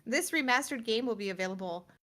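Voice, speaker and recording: A woman's voice: fairly high pitch, animated, fairly bright tone. A woman co-hosting a live gaming news stream, reading release blurbs and chatting with easy laughs. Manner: reads release blurbs, then chats with quick laughs. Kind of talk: casual live-stream chat.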